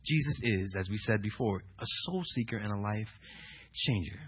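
A man preaching a sermon as pastor, swinging between loud, emphatic questions and hushed scripture reading. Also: lowish voice, lively intonation, normal speed, breathy edge, muffled recording.

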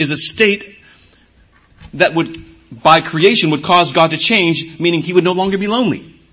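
A man's voice: fairly high pitch, sharp tone, slightly rough. A middle-aged man preaching a sermon, teaching earnestly and repeating key words for emphasis. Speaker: pastor.

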